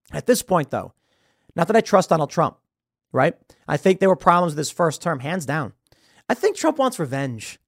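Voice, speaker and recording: Podcast host guy ranting about politics, kinda high voice, super dry close mic. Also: no room sound. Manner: opinionated, animated, slips into impressions. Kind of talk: political commentary.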